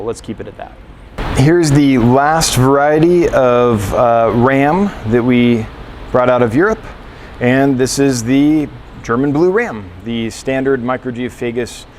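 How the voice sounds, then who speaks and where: A man's voice: mid-range voice, a little hiss or hum. A man who runs a fish store, talking casually through a store tour, rambling a little with fillers and self-corrections.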